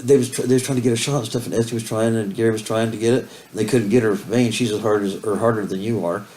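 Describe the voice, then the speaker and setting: A man's voice: on the low side, fairly even intonation, fast, a little mellow. A man telling rambling stories in casual chat and swearing constantly as co-host. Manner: rambling storytelling, heavy swearing. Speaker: co-host of a couple's video talk. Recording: roomy echo with faint hiss.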